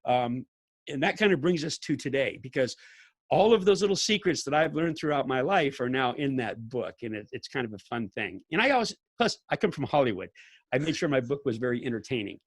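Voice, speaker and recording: An older man, a podcast guest telling stories in an animated way, laughing and acting out what people said. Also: mid-range voice, brisk, no room sound. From California. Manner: animated storyteller, laughs often, acts out quotes. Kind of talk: casual storytelling interview.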